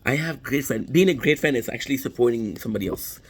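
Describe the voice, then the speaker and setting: A young man tells a story straight to the camera while eating. He rambles and swears, restarts his sentences often, and keeps a medium pitch. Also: lively intonation, fast talker, breathy edge, rough recording. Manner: rambling, profane, frequent restarts. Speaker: vlogger.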